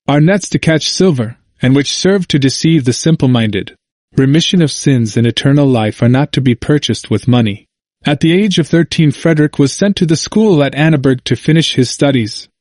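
A man reading a historical narrative aloud in a steady, measured way. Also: mid-range voice, no echo, clean studio sound. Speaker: audiobook reader. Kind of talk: scripted narration.

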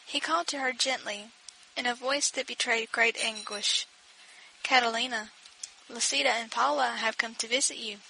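A woman reading a story aloud with a gentle, expressive delivery. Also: on the high side, slight background noise, low-quality recording. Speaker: audiobook narrator. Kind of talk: scripted narration.

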